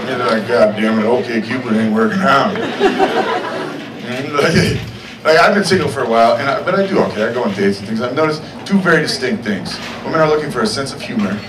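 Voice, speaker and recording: A young man performing a stand-up comedy set on a club stage, with deadpan asides and checks on the crowd. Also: mid-range voice. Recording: echoey club sound from far off. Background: audience noise.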